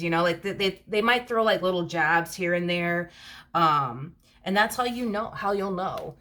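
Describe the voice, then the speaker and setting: A woman with a notably low-pitched voice talks through a tarot reading in a loose, conversational way. She rambles, circles back on her points and leans on fillers as she goes. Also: lively intonation, normal speed, a bit bright. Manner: chatty, rambling, many fillers and "you know". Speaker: tarot reader. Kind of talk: casual tarot reading monologue.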